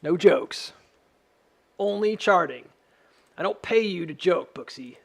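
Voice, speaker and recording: A man's voice: sits high, lively intonation, takes it slowly, creaky, slightly rough, exaggerated voice. A man voicing an imaginary impatient male heckler who scolds and mocks him in a brusque way. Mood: scolding.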